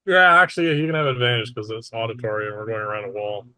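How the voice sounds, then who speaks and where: A man running a tabletop game as game master, narrating in a relaxed, matter-of-fact way with small asides. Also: fairly low pitch, fast, clear, resonant tone, no room sound.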